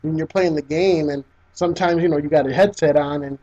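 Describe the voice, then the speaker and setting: A man co-hosting a casual gaming podcast, his voice sitting a little high. He tells stories with many restarts, bursts of excitement and plenty of swearing. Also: a little fast, highs cut off. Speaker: podcast co-host. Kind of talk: casual chat.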